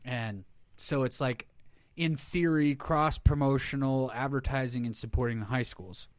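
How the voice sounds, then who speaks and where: A man's voice: medium pitch, a little slow, no room sound, clean studio sound. Laughing, rambling male podcast co-host. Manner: rambling storyteller, laughs a lot. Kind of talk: casual chat.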